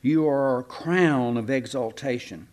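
A man preaching a sermon in a folksy, animated way, with sarcastic asides to the congregation. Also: mid-range voice, measured pace. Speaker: pastor.

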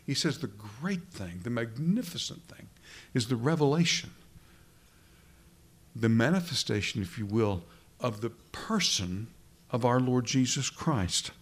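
A pastor preaching a sermon in a conversational way, often restarting phrases and asking rhetorical questions. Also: male voice, medium pitch, lively intonation, measured pace, slightly rough.

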